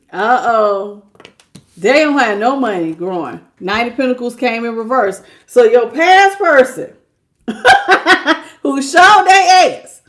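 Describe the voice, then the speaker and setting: A woman doing a live tarot reading who talks in an animated, slangy way, laughs often and acts out the people she quotes. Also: high-pitched. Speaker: tarot reader.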